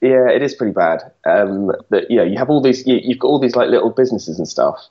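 A man's voice: fairly low pitch, expressive, fairly quick, mellow, muffled recording. A man co-hosting a podcast in casual chat, teasing and joking. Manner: teasing, jokey. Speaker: podcast co-host.

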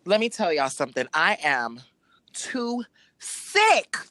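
A woman's voice: lowish voice, wildly swooping pitch, slow pace, fairly bright tone, no room sound. A woman in a heated, profane casual chat, ranting angrily as a co-host.

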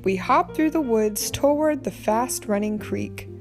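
A woman reading a children's picture book aloud, narrating gently and clearly. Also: a little high, unhurried, soft background music. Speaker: storybook reader.

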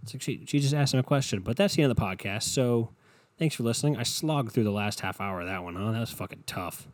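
A young adult man with an animated, mid-range voice talks fast on a recording with no echo. Hosting his podcast solo, he sounds tired and worn out as he rambles casually with profanity, sarcasm and acted-out quoted voices.

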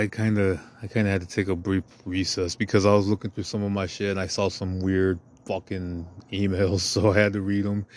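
A man talking in a profane, meandering, self-deprecating monologue as a podcast host. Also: deep voice. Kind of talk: rambling confessional monologue.

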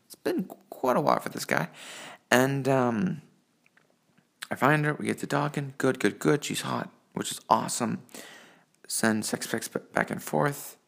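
A man's voice: mid-range voice, vocal fry, fairly bright tone. A man rambling through crude personal stories and jokes, profane and full of fillers, recorded on a phone. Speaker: monologue storyteller. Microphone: phone mic.

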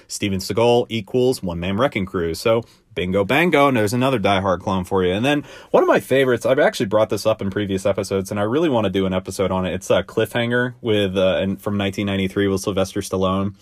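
Low-voiced man rambling through a podcast. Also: quick pace, hardly any pauses, no echo, studio quality. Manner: rambling, filler-heavy, swears casually. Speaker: podcast host. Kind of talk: casual solo podcast monologue.

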